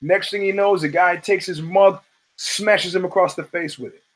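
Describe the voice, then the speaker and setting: A man's voice: high-pitched, moderate pace, poor audio. A man from the United States hosting a show, telling stories in a casual, profane monologue and acting out the people he quotes. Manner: profane, animated storyteller who acts out quotes. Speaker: show host.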